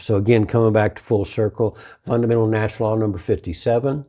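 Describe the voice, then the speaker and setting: A man's voice: on the low side, steady tone, fast, few pauses, warm tone. A man hosting a motivational talk and telling folksy, conversational stories about his martial arts business, repeating his key phrases.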